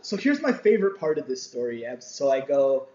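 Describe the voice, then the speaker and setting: A man's voice: mid-range voice, very animated, fairly quick, mellow. A man telling a story as a podcast guest in casual chat, acting out voices and laughing often. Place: small mobile studio. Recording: roomy, dull lo-fi sound.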